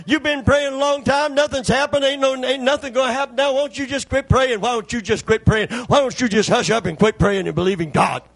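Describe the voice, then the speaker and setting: A man's voice: extremely high pitch, fairly quick, creaky, hardly any pauses, exaggerated voice. A man voicing a scornful male devil who mocks prayer in a sermon. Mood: mocking. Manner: mocking, dismissive.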